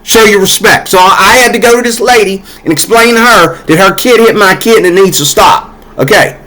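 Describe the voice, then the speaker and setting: A man's voice: sits high, normal speed, sharp tone, poor audio. A man giving casual, heated commentary straight to his viewers, repeating himself as he builds his point. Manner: heated, repetitive, talks to viewers directly.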